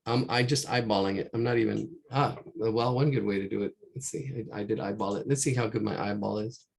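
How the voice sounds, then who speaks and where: Painting on a shared screen, a man teaches a live online drawing class in a casual, rambling way, often repeating himself. His lowish, gravelly voice stays steady and moves a little fast. The audio comes through a computer mic.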